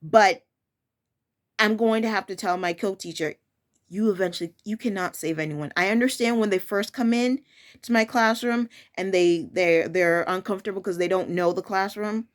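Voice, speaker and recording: A woman's voice: mid-range voice, moderate pace. Young woman, preschool teacher, casual storytelling, firm and frank, lots of restarts.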